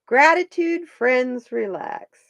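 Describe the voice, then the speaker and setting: A woman's voice: high-pitched, animated, takes it slowly, vocal fry, fairly bright tone, no room sound, dull audio. A woman hosting a live stream, chatting casually with viewers and her pets while she pulls stones and cards.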